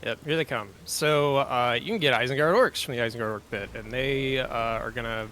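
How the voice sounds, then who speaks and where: A man walks through a game mod on a casual livestream, relaxed and full of little fillers. A faint hum sits behind his voice. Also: mid-range voice, fairly quick. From Southern US. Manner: relaxed explaining with many fillers. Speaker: mod developer presenting a faction.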